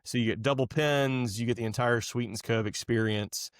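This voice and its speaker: A man's voice: mid-range voice, steady tone, normal speed, no echo. Easygoing male podcast host, dry sound. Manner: easygoing and explanatory, with fillers like uh and um. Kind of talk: casual chat.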